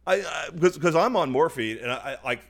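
A young man on a podcast, telling a long story casually, swearing often and putting on quick voices for the people in it. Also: fairly high pitch, lively intonation, creaky. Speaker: podcast co-host. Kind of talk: casual chat.

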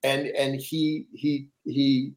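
An older man, a guest author, telling stories in a casual interview, animated and rambling with frequent restarts. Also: mid-range voice, very slow.

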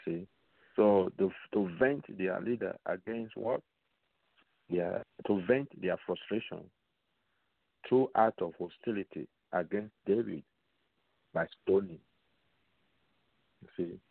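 Slow gravelly preacher man on a phone line. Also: low voice, dry recording. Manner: slow, repetitive, asks the audience rhetorical questions. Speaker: radio preacher. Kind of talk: radio Bible teaching. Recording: tinny phone-line sound, dry.

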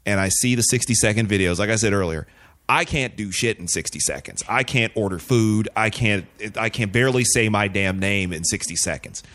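Male host, casual and joking, deep-ish voice, asks loose questions. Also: brisk, fairly bright tone. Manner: easygoing, swears casually, jokes. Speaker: podcast host. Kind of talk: casual interview chat.

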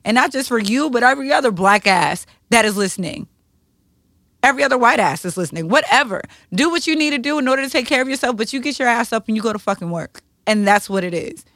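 A woman's voice: a little high, animated, quick pace, fairly bright tone, no room sound, clean studio sound. A woman in her thirties co-hosting a podcast, talking candidly in a blunt, profane, emotional way. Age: 30s. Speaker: podcast co-host.

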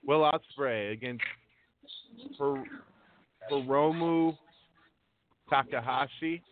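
A man hosts a casual wrestling talk show, speaking slowly and filling pauses with ums as he works through lists of names. His voice is mid-pitched and comes over a narrow, tinny phone connection. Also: a little hiss or hum. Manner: unhurried, reads out lists of names with frequent ums. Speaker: wrestling news podcast host. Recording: tinny phone-line audio.

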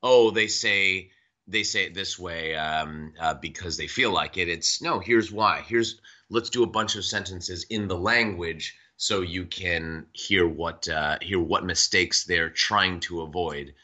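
Low-voiced bright American man, halting talk. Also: lo-fi sound. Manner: thoughtful, halting with many restarts and fillers. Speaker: voice actor guest. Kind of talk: casual interview chat.

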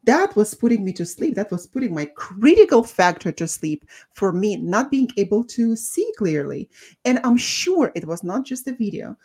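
A woman co-hosting a podcast, talking thoughtfully with many pauses and restarts. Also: mid-range voice, big pitch swings, dark tone, breathy edge. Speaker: co-host, doctor. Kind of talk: casual podcast talk.

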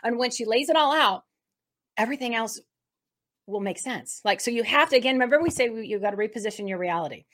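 Rambling, excitable woman co-host. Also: fairly high pitch, fast. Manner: rambling and excitable, many restarts and laughs. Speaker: co-host of a faith talk show. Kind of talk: casual spoken introduction.

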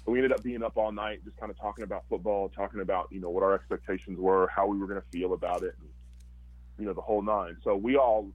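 A man's voice: low voice, steady tone, quick pace, breathy edge, no room sound, narrow, tinny audio. A man, a former football player, telling his story casually and animatedly, acting out quotes with lots of fillers.

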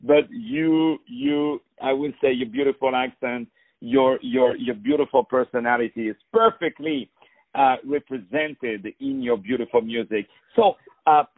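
A man's voice: mid-range voice, no echo, phone-quality sound. A man hosting a radio show who interviews a guest over the phone, effusive and heaping on praise with repeated words. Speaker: radio host.

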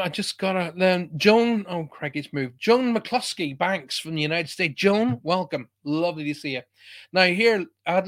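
A man's voice: a little high, fairly bright tone. An Irish man hosting a live online show, chatting casually and greeting viewers by name. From Ireland. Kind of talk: casual live-stream chat.

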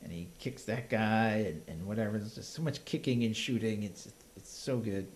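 A man chatting casually about a movie as a podcast co-host, animated and laughing as he acts out the lines. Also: on the low side, normal speed.

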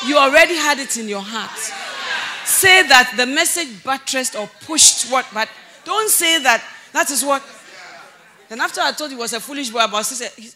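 A woman pastor preaching a sermon, animated and often laughing, shouting for emphasis and then dropping to low, earnest tones. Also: moderate pace, some chatter behind, slight background noise.

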